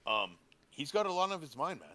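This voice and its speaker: A man's voice: a little high, sing-song, fairly quick, sharp tone. A man co-hosting a role-played talk show in laid-back slang, ending lines with man or bro.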